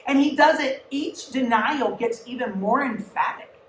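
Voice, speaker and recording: A woman's voice: high-pitched, measured pace, a little hiss or hum. A woman giving a youth sermon in a church, talking casually and with energy, with asides to her listeners. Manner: conversational and animated, with asides to the audience. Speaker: youth pastor. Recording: echoey room, mic at a distance.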